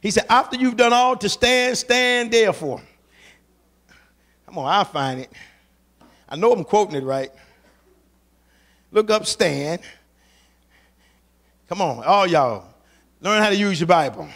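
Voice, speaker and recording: Male preacher, very high voice, fervent and colloquial, calls back and forth with the congregation. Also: measured pace, pauses often, fairly bright tone. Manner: fervent, urging the congregation in call-and-response; colloquial, repeats phrases for emphasis. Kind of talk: sermon.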